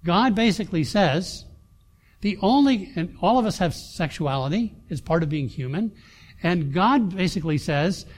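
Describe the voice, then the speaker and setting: A middle-aged man, a pastor, telling a personal story in a sermon, halting with many fillers and restarts. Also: sits high, expressive.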